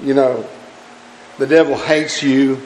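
A man's voice: mid-range voice, steady tone, slow, a little mellow, in a large hall, slight background noise. A man preaching a sermon in a church, folksy and pleading with his congregation, chuckling as he goes.

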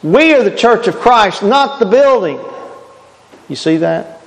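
A man's voice: sits high, lively intonation, a little slow, gravelly, big-room sound, low-quality recording. A man preaching a sermon earnestly, asking rhetorical questions and stressing his points.

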